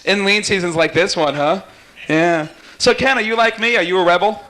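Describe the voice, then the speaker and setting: A man warming up a live talk show audience, teasing guests and cracking quick jokes. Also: high-pitched. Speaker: talk show warm-up host. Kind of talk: jokey stage banter with audience.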